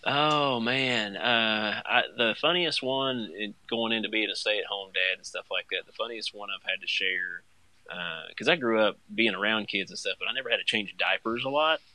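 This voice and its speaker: A young man, a stay-at-home dad, telling a funny story in casual chat, getting animated and jumping high when he acts out his own panic. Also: normal speed, no room sound.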